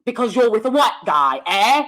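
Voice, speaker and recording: A woman's voice: a little high, big pitch swings, normal speed, fairly bright tone, pitched below the performer's own voice. A woman mimicking a smug, condescending British man in a mocking impression. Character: smug British man lecturing about race.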